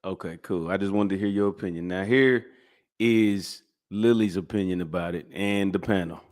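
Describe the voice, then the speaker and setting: A man's voice: low-pitched, normal speed, a little mellow. A man co-hosting a casual stream, asking questions in a laid-back way. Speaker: co-host. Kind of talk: casual chat.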